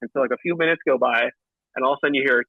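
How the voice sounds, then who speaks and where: A man calls in to chat, his voice dull and lo-fi as if over a remote line, with the room around him very dry. He tells stories with lively energy, stumbling and restarting, and jumps up in pitch to act out what others said. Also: very fast, gravelly, husky, no echo. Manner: animated, acts out quotes with pitch jumps and frequent restarts. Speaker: podcast guest, professional paintball player. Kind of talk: casual storytelling chat. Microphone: remote call line.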